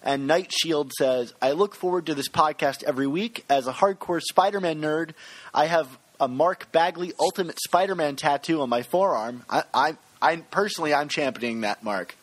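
A man's voice: a little high, normal speed. A man co-hosting a casual podcast, reading listener reviews and joking with his co-host. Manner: playful, reads listener reviews aloud.

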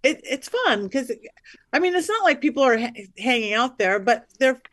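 A woman with a somewhat high voice tells stories as a psychic medium guest. She is lively and chatty, slipping into the voices of the people she quotes. The sound is dry and close, with no room echo. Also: normal speed. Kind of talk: animated storytelling on a podcast.

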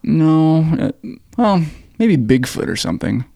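A man's voice: a little high, very animated, measured pace, gravelly, warm tone, no room sound, studio quality, full character voice. A man voicing a shy teenage boy who gives short, hesitant, mumbled answers, read aloud as a film scene.

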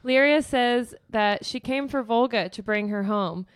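Animated woman podcast co-host, dry mic. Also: a little high, unhurried, smooth, no echo. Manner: animated, swears freely, acts out character lines. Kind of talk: casual book recap chat.

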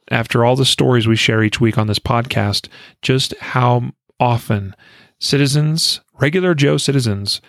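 Gravelly-voiced American man hosting a podcast. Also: mid-range voice, no room sound, studio quality. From United States. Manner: reads quotes aloud with frequent fillers and restarts. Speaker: podcast host. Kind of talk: podcast news commentary.

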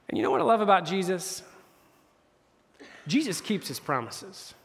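A man's voice: high voice, lively intonation, a little fast, fairly bright tone. A man preaching as a campus pastor, retelling scripture in casual slang and briefly voicing the characters. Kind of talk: casual conversational sermon. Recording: hall reverb.

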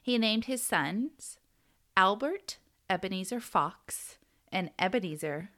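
A woman's voice: medium pitch, animated, slow pace, bright, forceful tone. An American woman co-hosting a podcast, chatting casually and laughing often as she tells a story. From United States. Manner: giggly, storytelling. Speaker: podcast co-host. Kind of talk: casual chat.

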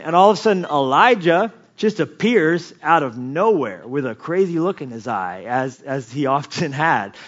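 A man preaching a sermon as pastor, telling the story with lively asides, jokes and many restarts. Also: fairly high pitch, highs cut off. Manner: animated storytelling, swings from quiet asides to loud emphasis; many restarts and repeated words, jokes and chuckles.

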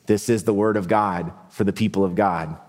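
A man's voice: fairly low pitch, steady tone, moderate pace, long reverb tail, noisy background. A man serving as pastor, leading a prayer and an Easter sermon in a church, reading scripture and explaining it in an earnest, welcoming way. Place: church sanctuary.

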